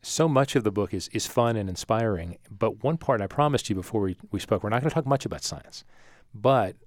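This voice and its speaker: A man's voice: lowish voice, expressive, brisk, no echo, studio quality. A man hosting a radio show, introducing a guest and asking probing questions in a conversational way. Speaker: radio host. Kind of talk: radio interview. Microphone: studio mic.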